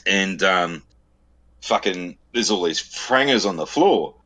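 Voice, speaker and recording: A man's voice: sits low, expressive, slow, bright, forceful tone. A middle-aged man with an Australian accent, telling crude stories on a podcast, swearing constantly and laughing at his own tales. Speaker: podcast host. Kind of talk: crude casual storytelling.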